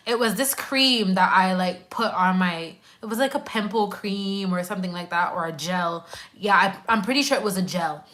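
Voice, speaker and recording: A Quebec woman who works as a nurse and YouTuber chats casually on a live stream, answering viewer comments with slangy, emphatic asides. Her voice is medium-pitched and a little bright, and she speaks at a normal speed.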